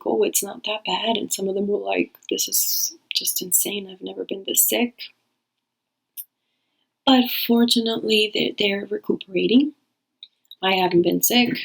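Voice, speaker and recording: Speaking with a creaky, mid-range voice on a low-quality recording, a tarot reader chats casually to her viewers on her channel. She rambles and frequently starts over.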